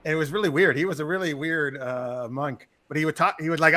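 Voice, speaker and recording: A man playing his character in a tabletop game, rambling and animated as he tells stories. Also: on the high side, quick pace. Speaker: player. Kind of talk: in-character tabletop role-play.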